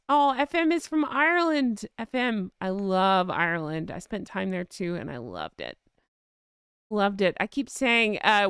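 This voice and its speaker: A woman's voice: medium pitch, fairly bright tone, clear, resonant tone, no echo, studio quality. A woman hosting a casual live-stream chat, reading out viewer comments in a chatty, gushing way and laughing often.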